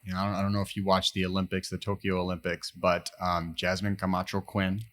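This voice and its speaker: A man hosting a podcast interview, speaking in a reflective, thoughtful way with frequent pauses and fillers. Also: sits low, monotone, music in the background. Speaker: podcast host. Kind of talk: conversational interview.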